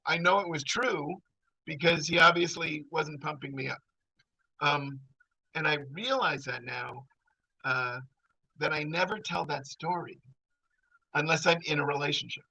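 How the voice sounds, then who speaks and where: A man's voice: fairly high pitch, unhurried, vocal fry, long pauses, pushed and bright, dull audio, slight background noise. A middle-aged man telling a personal story in a rambling, conversational way. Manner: rambling, conversational, full of fillers.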